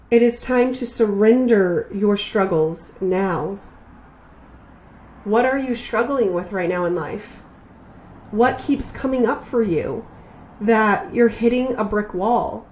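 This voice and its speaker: A woman hosts a spiritual podcast in a slow, earnest voice. She sits in the middle of the range for pitch and keeps her delivery reflective and heartfelt. She often repeats her phrases as she builds each thought. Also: a little mellow. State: emotional, near tears.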